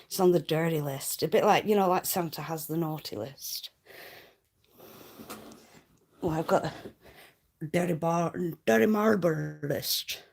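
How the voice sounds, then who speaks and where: Lancashire woman rambling on a livestream, husky low voice, swears a bit. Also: moderate pace, a little mellow. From Lancashire, England. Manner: rambling, chatty, reads viewer comments aloud, swears casually. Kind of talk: casual livestream chat.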